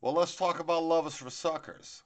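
A man's voice: fairly high pitch, fairly even intonation, normal speed. A man hosting a podcast in rowdy, crude casual chat, swearing freely. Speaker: podcast host.

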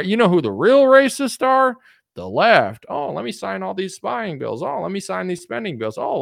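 A man's voice: high-pitched, gravelly, no echo, clean studio sound, pitched above the performer's own voice, full character voice. A man putting on a sing-song fake politician.

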